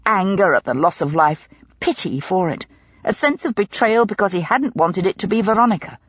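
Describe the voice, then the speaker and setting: A woman narrating a mystery audiobook in a dramatic, expressive storytelling manner. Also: medium pitch, normal speed, breathy edge, no room sound, dull audio. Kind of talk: scripted narration.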